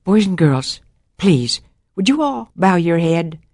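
A woman slips into a gentle young woman preacher speaking to a roomful of children. The delivery is slow, soft and coaxing. The sound is dry and close. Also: lowish voice, big pitch swings, no echo, exaggerated voice.

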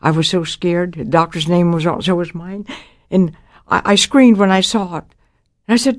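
A woman's voice: lowish voice, moderate pace, no echo, studio quality. Older woman telling a dramatic testimony. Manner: dramatic, acts out the voices of people in her story. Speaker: speaker giving a Christian testimony. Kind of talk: personal testimony storytelling.

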